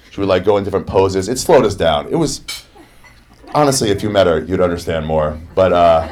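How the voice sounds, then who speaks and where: A young adult man doing a crude, sarcastic and energetic stand-up story. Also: sits low. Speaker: stand-up comedian.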